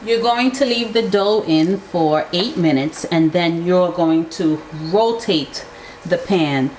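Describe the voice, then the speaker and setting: A woman's voice: fairly low pitch, takes it slowly, darkish tone. A woman hosting a home cooking vlog in her kitchen and encouraging her child as they bake. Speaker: host and mother. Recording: echoey kitchen with faint noise.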